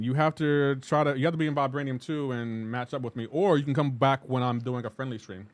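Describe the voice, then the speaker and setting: A man's voice: mid-range voice, steady tone, brisk, hardly any pauses, no echo. A man streaming a game live, ranting in an exasperated way and repeating himself while reacting to chat.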